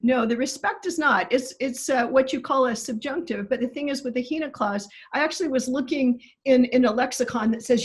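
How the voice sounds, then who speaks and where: Husky-voiced woman breaking down greek grammar on a podcast, careful and emphatic. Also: sits high, fairly quick, few pauses, rough recording. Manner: precise, explanatory, emphatic on key words. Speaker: guest Greek scholar.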